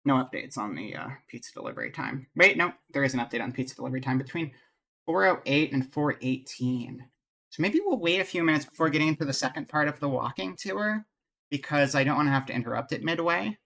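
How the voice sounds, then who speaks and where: Bright-voiced man rambling on stream. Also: on the high side, animated, fast talker, gravelly. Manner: rambling and jokey, thinking aloud; greets viewers in chat. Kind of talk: casual live-stream chat.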